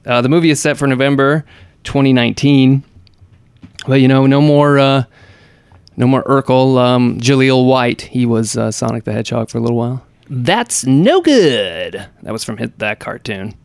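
A man's voice: mid-range voice, level tone, moderate pace, gravelly, smooth, dry recording. A man co-hosting a podcast, chatting casually about gaming news in a rambling, hesitant way full of fillers and restarts. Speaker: podcast co-host.

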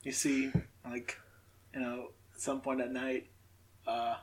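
A man's voice: mid-range voice, completely flat delivery, takes it slowly, background noise. A man playing a tabletop game, talking casually in a laid-back way. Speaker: player.

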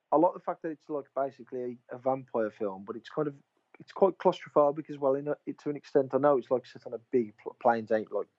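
A man's voice: mid-range voice, dark tone, highs cut off. A man, casually chatting as a podcast co-host, rambling through stories, swearing freely and retelling what he said to his mate. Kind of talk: casual chat.

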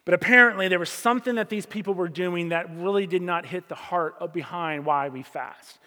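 A male pastor preaching a sermon in a relaxed, conversational way, with sudden loud stresses and hushed asides. His voice sits a little high for a man. It rings with long reverb, as if in a large church sanctuary. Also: a little fast. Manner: conversational preaching, swings between loud emphasis and quiet asides.

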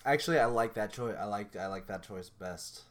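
A young man co-hosting a podcast in casual chat, talking in an animated, rambling way with many restarts. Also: on the low side, normal speed. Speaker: podcast co-host.

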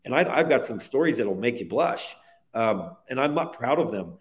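A man's voice: mid-range voice, expressive, moderate pace. A man speaking as a guest in a podcast interview, telling a personal faith story in an earnest, heartfelt way that stacks phrases one onto the next.

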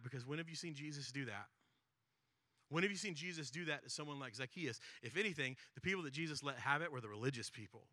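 A man preaching a sermon, telling a Bible story with lively acted-out quotes. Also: a little high, no room sound, clean studio sound. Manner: animated storytelling, acts out quotes. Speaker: pastor.

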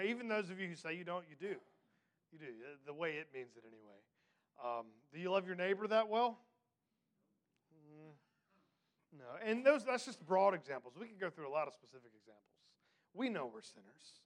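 A man teaching a Bible study lesson, reading scripture slowly and putting questions to his class in an emphatic, conversational way. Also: high voice, lively intonation. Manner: reads scripture slowly and deliberately.

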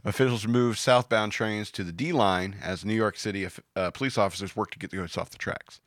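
A man's voice: lowish voice, steady tone, brisk, a bit bright, no room sound, clean studio sound. A man hosting a podcast in casual banter, rambling and joking about news stories. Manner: joking, rambling, puts on silly voices. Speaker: podcast host.

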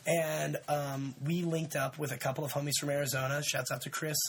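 A man in his twenties hosting a podcast, telling a story in a rambling, laid-back way with lots of fillers and shout-outs. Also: fairly high pitch, level tone, fairly quick, background noise. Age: 20s. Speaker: podcast host. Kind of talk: casual storytelling chat.

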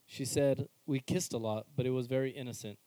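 A man's voice: medium pitch, steady tone, fairly quick, warm tone, dry recording, rough recording. A man reading a news article aloud on a casual podcast, dropping wry asides between passages.

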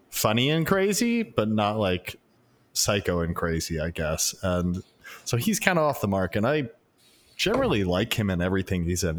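A man casually recapping a movie he watched, rambling with lots of fillers and swearing. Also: on the low side. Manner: rambling, profane, many fillers. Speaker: podcast co-host reviewing a movie. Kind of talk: casual chat.

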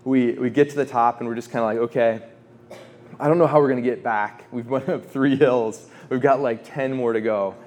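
A man in his thirties giving a faith talk, telling a personal story in a chatty, animated way with restarts and laughs. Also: medium pitch, fairly quick. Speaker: speaker at a formation talk.

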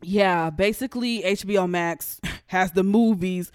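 Brief: young solo podcaster, blunt and profane, smooth dry close sound. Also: medium pitch, a little slow, few pauses, no room sound. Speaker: podcast host.

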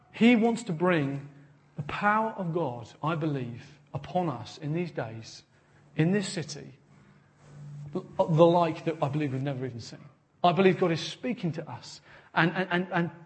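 A man preaching a sermon, earnest and animated, often repeating words as he builds to a point. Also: fairly high pitch. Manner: animated storytelling with acted quotes. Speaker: pastor.

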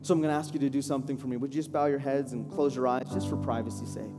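A man preaching a sermon live to a congregation, earnest and pleading, building to fervent declarations and slowing down to pray. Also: medium pitch, fairly even intonation. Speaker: pastor. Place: church hall, live congregation. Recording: live church hall reverb with soft music. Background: soft instrumental worship music.

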